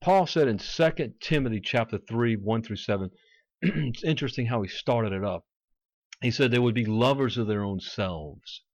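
A man's voice: mid-range voice, normal speed, a little mellow, dry recording. A man preaching a fervent sermon, quoting scripture and acting out mocking voices.

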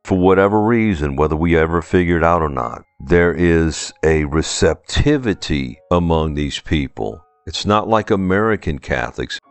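A man's voice: low voice, expressive, normal speed, hardly any pauses, clear, resonant tone, no echo. A man with a New Orleans accent preaching a sermon, emphatic and full of pointed rhetorical questions.

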